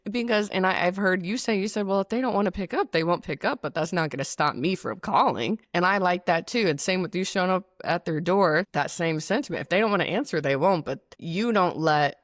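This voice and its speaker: Brief: thoughtful female host with a very low voice, dry close sound. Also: fairly quick, hardly any pauses, no room sound. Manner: thoughtful, rambling, many restarts. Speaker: podcast host. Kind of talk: casual conversation.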